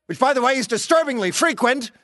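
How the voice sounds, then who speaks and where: A clingy male AI assistant, played by a man, talking in a flat, polite deadpan that keeps swinging up and down in pitch. The sound is dry and close, with no room around it. He is needy and passive-aggressive under the helpful manner. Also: fast, no echo, heavily acted. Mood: plaintive. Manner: deadpan, mild and dry, turning plaintive. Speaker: digital personal assistant. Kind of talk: scripted audio comedy.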